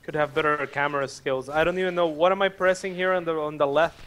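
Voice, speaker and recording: A man's voice: fairly high pitch, steady tone, quick pace, a bit bright, clean tone. A man co-casting a live esports match, casually asking his partner questions and adding loose remarks. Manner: curious, casual, many fillers and questions. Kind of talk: live esports color commentary.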